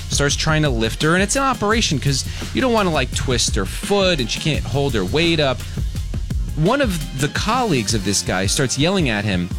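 A man's voice: on the high side, sing-song, normal speed, music in the background. A man hosting a radio show, telling a story in a casual, emphatic way. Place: radio studio.

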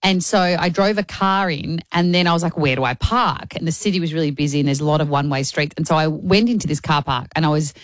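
A woman co-hosting a radio show, telling a story in an animated, rambling way from the studio. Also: low-pitched, fast, hardly any pauses, no room sound. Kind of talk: breakfast radio chat. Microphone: studio microphone.

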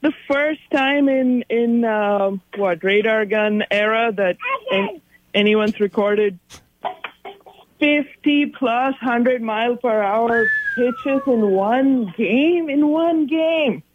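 A man calls in to a sports show and rambles wryly about the game. His voice is strikingly high for a man. The phone line sounds muffled and dull. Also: slow pace. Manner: rambling, wry. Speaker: radio caller. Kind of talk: casual call-in chat.

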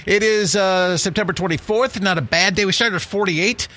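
A man's voice: sits high, moderate pace, sharp tone. A man hosting a morning radio show, chatting casually in a rambling, jokey way with frequent restarts. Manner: rambling, self-correcting, jokey.

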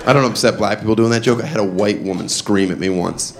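A man doing a stand-up comedy set on a club stage, deadpan and self-amused, often laughing at his own jokes. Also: fairly low pitch, fast talker. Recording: live club recording with background noise.

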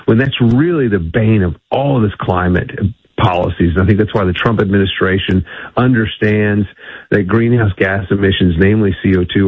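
Deep husky man on a phone line. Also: no room sound. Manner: emphatic, restarts often. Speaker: energy policy guest. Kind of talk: phone-in radio interview.

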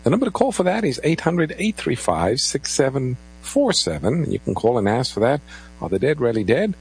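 A man's voice: medium pitch, moderate pace, vocal fry, breathy edge, low-quality recording. A man co-hosting a live call-in Bible radio show, introducing callers and reading out phone numbers in a lilting way. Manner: lively, lilting delivery, takes calls and gives phone numbers.

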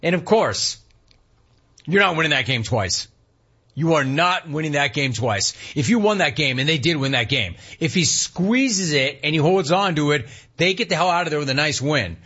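Guy hosting sports radio, husky voice, gets loud and laughy, kinda muffled sound. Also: a little high, moderate pace. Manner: animated, laughing, mock outrage. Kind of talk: sports talk radio monologue.

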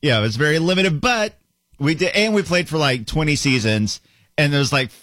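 A young adult man co-hosting a casual sports podcast, easygoing and teasing, quick to laugh. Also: a little high, expressive, a bit bright, no room sound. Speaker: podcast co-host.

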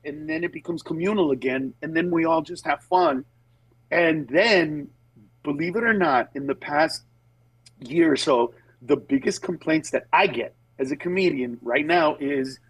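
A middle-aged man talks on a call as a comedian guest. His voice is high for a man and a little husky, and the sound is dry. He tells stories animatedly and slips into put-on voices to act out what people said. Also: normal speed, no echo, poor audio. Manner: animated storyteller, acts out quoted voices with laughs. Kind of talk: phone interview chat. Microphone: phone line with Bluetooth.

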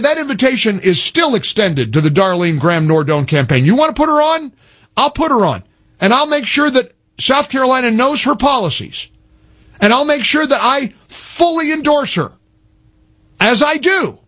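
A man's voice: sits high, fairly bright tone. A man hosting a talk radio show, ranting emphatically in a fired-up, repetitive way.

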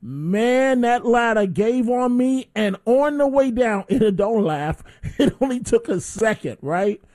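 A man hosting a call-in radio talk show, telling a story in a lively way and acting out his own shouts. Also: very high voice, slow pace, no room sound, clean studio sound. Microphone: studio microphone.

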